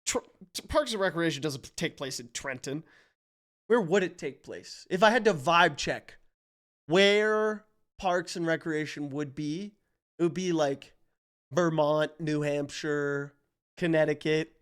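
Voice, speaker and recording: A wired-up male streamer from Canada with a high, smooth voice. He talks his guesses through out loud, jumping between hype and confusion, and swears freely as he goes. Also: measured pace. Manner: hyped, profane, thinks aloud while guessing. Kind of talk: casual live-stream commentary.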